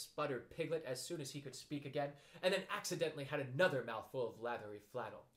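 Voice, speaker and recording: A man reading a children's storybook aloud as narrator, in gentle, expressive storytelling. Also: medium pitch, quick pace, few pauses.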